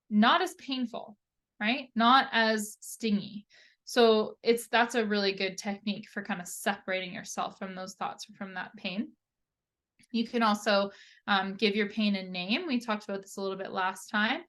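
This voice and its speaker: A woman occupational therapist teaching in an easygoing, conversational way. Her voice sits at an ordinary middle pitch, and she often checks in with a quick tag question. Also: a bit bright. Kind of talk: presenting a lesson.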